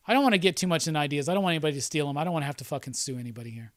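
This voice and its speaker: Casual male streamer, loose and profane, a slightly high voice in a dry room. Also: rapid-fire, fairly bright tone, dry recording. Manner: rambling and profane, with frequent laughs. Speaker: host. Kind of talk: casual livestream chat.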